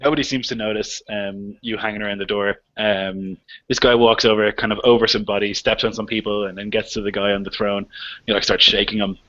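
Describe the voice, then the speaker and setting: A man runs a tabletop game in a loose, rambling way. His voice is low and bright, and the recording sounds dull and lo-fi. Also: flat delivery, brisk. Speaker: game master. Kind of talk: casual tabletop narration.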